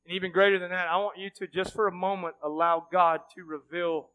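A man's voice: high voice, little pitch movement, fairly quick, sharp tone, clear, resonant tone. A man preaching as pastor, leading an altar call and then praying with earnest, pleading fervor in a church. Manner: earnest, pleading, rising to fervent prayer. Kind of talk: sermon altar call and prayer. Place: church sanctuary.

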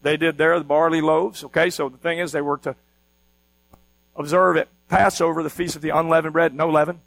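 A man's voice: on the high side, level tone, fairly quick, gravelly, fairly bright tone, no room sound, low-quality recording. A man preaching a sermon as pastor, teaching with energy and often asking the congregation questions.

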